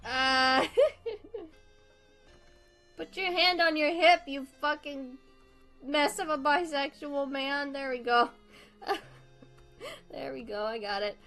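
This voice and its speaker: A woman's voice: sits high, slow, long pauses, sharp tone, faint music behind. A young woman chatting casually as she draws on stream, rambling, laughing often and swearing freely. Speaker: art streamer. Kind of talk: casual chat while drawing.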